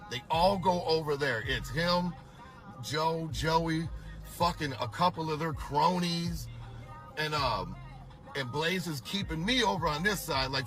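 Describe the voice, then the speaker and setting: A middle-aged man telling a story from his past in casual talk, animated and swearing constantly. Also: on the high side, normal speed, faint music behind. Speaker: storyteller recounting a past tour.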